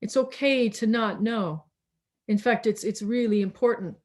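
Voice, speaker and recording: A woman minister preaching slowly and reflectively over a video call, pausing and restarting often, tired as she speaks. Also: on the high side, darkish tone. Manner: slow, reflective, with many restarts and pauses.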